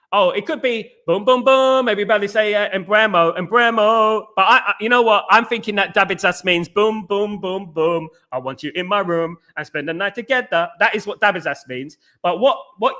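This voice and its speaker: A man hosts a casual livestream and reads out viewer comments. His voice sits high and bright, and he talks excitably. He slips into chants and says the same phrases over and over. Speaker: livestream host. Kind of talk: casual live chat reading comments.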